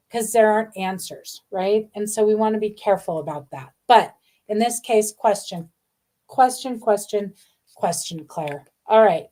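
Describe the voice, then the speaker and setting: A woman's voice: mid-range voice, mellow. A middle-aged woman doing a live card reading, talking in a gushing, meandering way with many fillers. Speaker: intuitive card reader hosting a live stream.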